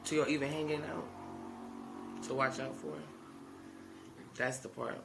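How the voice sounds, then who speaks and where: A man's voice: fairly high pitch, steady tone, slow pace, creaky, noisy background. A man co-hosting a podcast in casual chat, often agreeing and adding to the story. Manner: reacts with frequent agreeing murmurs. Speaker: podcast co-host.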